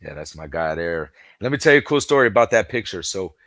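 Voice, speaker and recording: Low, sing-song, and quick, with a fairly bright tone, this man is captured in clean studio quality without echo. He's a football-fan podcast guest in casual chat, telling rambling stories, acting out dialogue, and saying "you know" a lot.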